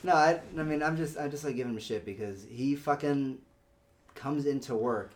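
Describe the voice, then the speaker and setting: A man hosting a casual chat, telling stories with laughs and quick impressions of coworkers. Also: mid-range voice. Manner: storytelling, laughs often, imitates coworkers. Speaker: podcast host.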